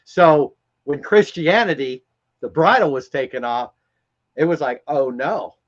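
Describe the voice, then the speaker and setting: A man's voice: on the high side, animated, a little slow, highs cut off. A man speaking in a casual, emphatic way on a spiritual live stream, rambling and often repeating words as he talks.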